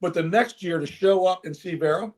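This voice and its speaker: An older man, a former baseball manager, telling an emotional story in an interview with earnest, animated delivery. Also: high-pitched, a little fast. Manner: earnest, animated, with frequent restarts.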